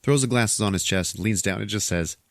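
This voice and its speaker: A podcast host recapping a movie in a profane, chuckling, animated way. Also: male voice, fairly low pitch, a little fast, no echo, studio quality.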